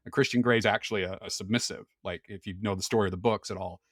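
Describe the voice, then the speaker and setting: A man's voice: fairly low pitch, fairly even intonation, rapid-fire, fairly bright tone, no room sound, clean studio sound. A man talking candidly as a podcast guest, explaining things frankly with occasional laughs. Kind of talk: casual conversation.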